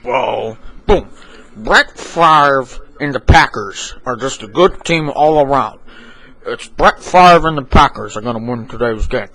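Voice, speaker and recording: A man's voice: measured pace, sharp tone, no echo, poor audio. A man doing a rambling old football commentator. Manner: repetitive, circular, exclamations of "boom". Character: rambling older male football commentator, fixated on one quarterback. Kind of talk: homemade comedy sketch.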